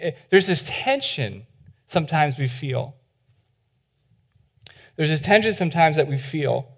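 Pastor guy preaching, kinda high voice, chatty and earnest, goes quiet and soft at times. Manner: earnest and conversational, many restarts and "like"s; drops to a soft, hushed voice for appeals. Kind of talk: sermon.

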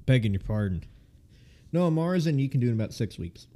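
A man's voice: medium pitch, very animated, fairly quick, dark tone. A man co-hosting a casual podcast, chatting and joking while he tastes beer, laughing often and swearing offhandedly. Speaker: podcast co-host.

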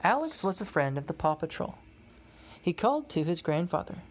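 A woman reading a children's storybook aloud, measured and expressive. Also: fairly low pitch. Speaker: storybook reader.

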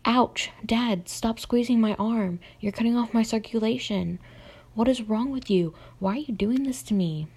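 A woman's voice: on the low side, fairly even intonation, moderate pace, creaky. A young woman voicing a frightened, hurt teenage girl in her storybook reading, who pleads and explains nervously.

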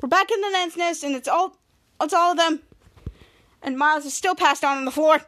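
A woman's voice: high-pitched, fairly quick, a bit bright. A woman hosting a podcast, casually recapping a TV episode scene by scene and acting out the characters' lines. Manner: retells scene by scene with repeated "cut to", acts out lines. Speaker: podcast host.

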